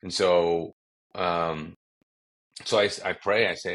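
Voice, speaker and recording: A man from Kuwait speaks in a very low, deep register. He recounts his story conversationally as a pastor guest, acting out what people said and stumbling over restarts as he goes. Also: fairly even intonation, slow pace, pauses often, a bit bright. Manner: vivid storytelling with acted-out quotes and frequent restarts.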